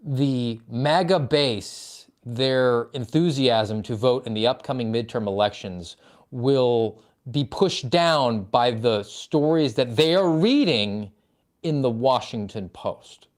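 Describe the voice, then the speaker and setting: A man co-hosting a political talk show, making deadpan wisecracks in casual chat. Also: mid-range voice, slow. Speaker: podcast co-host.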